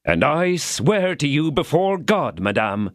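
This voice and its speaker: A man's voice: a little high, sing-song, takes it slowly, no room sound, clean studio sound, pitched above the performer's own voice. A man voicing an ardent young swordsman in a storybook reading, making eager, gallant declarations. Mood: solemn.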